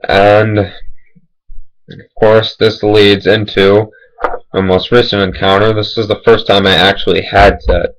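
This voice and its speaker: A man's voice: fairly low pitch, flat delivery, measured pace, low-quality recording. A young man telling casual, rambling personal stories, full of "like" and "you know". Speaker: vlogger. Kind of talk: casual storytelling.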